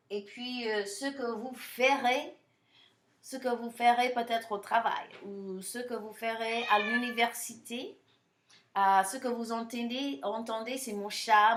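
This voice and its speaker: A woman's voice: fairly high pitch, a bit bright, roomy sound. A woman teaching a language lesson to a class, explaining step by step with frequent fillers and checks like "right?". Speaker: French teacher.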